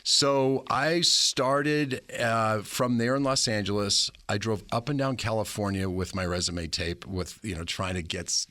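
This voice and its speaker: A man who anchors morning TV news tells lively stories in an interview and acts out the voices of the people he quotes. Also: lowish voice, measured pace, few pauses, no room sound. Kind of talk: animated storytelling in an interview.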